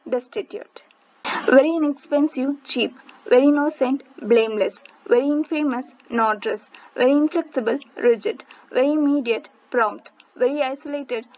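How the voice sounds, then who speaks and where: Woman teacher, high voice, steady list-reading cadence, muffled lo-fi sound. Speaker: English vocabulary teacher. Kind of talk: reading word lists.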